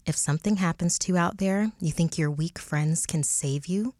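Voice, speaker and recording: A woman's voice: lowish voice, normal speed, a little mellow, dry recording, clean studio sound, natural voice. A woman voicing a strict, controlling mother inside a scary story she narrates. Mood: stern. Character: strict stern mother, later eerily sweet. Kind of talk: storytelling, reading a quoted line.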